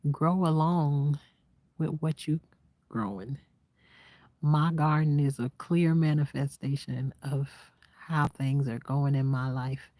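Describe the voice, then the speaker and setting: A woman vlogger sits outdoors at night in the quiet countryside, talking casually and reflectively to her viewers. She's soft-spoken, half-whispering in a low voice, and the heartfelt talk has no echo.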